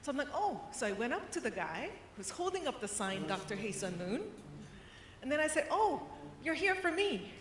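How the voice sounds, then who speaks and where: A woman giving a conference keynote, chatty and animated, acting out the people in her stories. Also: fairly high pitch, brisk, a little hiss or hum. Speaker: keynote speaker. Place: large conference hall. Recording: roomy hall reverb.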